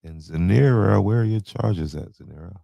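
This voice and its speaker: A man's voice: fairly low pitch, moderate pace, gravelly, dry recording, lo-fi sound. A man hosting a podcast, talking loosely in slang and stumbling over names as he runs through a list. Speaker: podcast host. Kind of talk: casual commentary.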